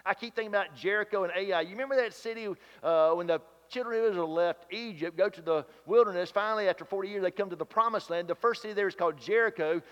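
A man with a fairly high voice preaches a folksy, animated sermon full of rhetorical questions. His voice rings out with a long reverb in a large church space, and the recording sounds somewhat muffled. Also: fast talker, few pauses, clear, resonant tone.

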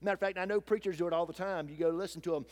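A man's voice: high-pitched, very fast. Folksy man preaching a sermon. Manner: folksy, animated preaching with acted-out quotes. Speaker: pastor.

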